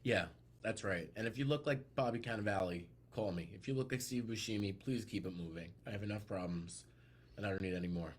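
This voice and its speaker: A man appearing as a guest comedian, trading quick wisecracks in a casual live chat. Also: on the low side. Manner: quick camp wisecracks, swings between loud and mock-serious.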